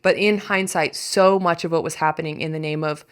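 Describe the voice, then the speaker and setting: A young adult woman hosting a podcast, speaking candidly in a deep voice that frays into fry, blunt and swearing freely with wry asides. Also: steady tone, a little fast. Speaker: podcast host. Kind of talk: candid personal monologue.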